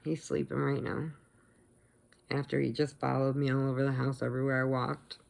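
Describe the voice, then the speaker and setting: A middle-aged woman telling a story casually in her vlog, chatty and animated, acting out the quotes. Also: extremely low pitch, brisk, vocal fry. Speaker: vlogger.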